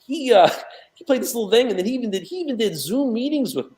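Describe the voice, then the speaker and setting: A man's voice: very high voice, sing-song, quick pace, dark tone. A man speaking as a guest in a casual interview, from New York, rambling with many fillers and restarts. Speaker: guest, documentary associate producer.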